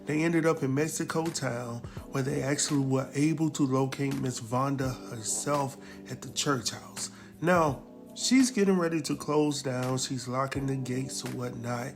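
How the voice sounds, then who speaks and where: Animated man recapping a TV episode. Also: mid-range voice, a little slow, over music. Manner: animated, exclamatory, chuckling storyteller; colloquial, talks straight to viewers.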